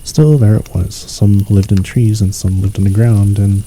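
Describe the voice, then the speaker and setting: Brief: male ASMR sleep reader, low mellow voice, calm and unhurried. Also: slight background noise, rough recording. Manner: calm, unhurried, lightly voicing each figure. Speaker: audiobook reader. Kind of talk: soft ASMR sleep story reading.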